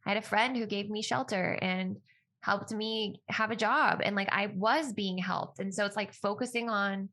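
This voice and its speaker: A woman's voice: medium pitch, fairly even intonation, normal speed, fairly bright tone. A woman talking as a podcast guest in a casual interview, open and heartfelt as she shares her personal experience. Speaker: podcast guest, yoga teacher.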